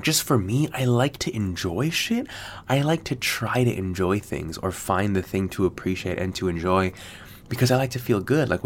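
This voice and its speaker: A man's voice: low voice, slight background noise. An American man hosting a podcast, rambling casually with lots of fillers and swearing. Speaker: podcast host. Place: Sydney.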